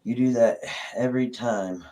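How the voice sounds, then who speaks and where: A man's voice: medium pitch, moderate pace, dark tone. A man hosting a casual livestream, rambling and swearing as he greets viewers in the chat. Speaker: livestream host.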